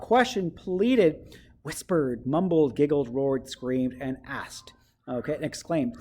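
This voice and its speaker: A man's voice: a little high, a little mellow. A male teacher giving a writing lesson to children, explaining step by step and often checking in with "okay?".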